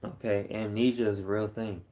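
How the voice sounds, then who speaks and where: A man's voice: lowish voice, brisk. Tired, rambling young man streaming late. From Texas. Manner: rambling, relaxed, repeats himself. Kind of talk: casual late-night live stream chat.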